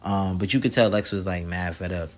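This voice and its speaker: A man's voice: low-pitched, steady tone, fairly quick. A man recapping a reality show episode in casual, rambling commentary, full of slang and asides to the viewer. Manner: slangy, rambling, keeps asking "you feel me". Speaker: YouTube reality-show reviewer.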